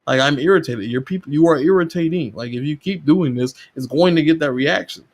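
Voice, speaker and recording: A man guesting on a gaming podcast in casual chat, ranting heatedly and swearing often. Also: brisk. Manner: heated, profane rant with rising pitch.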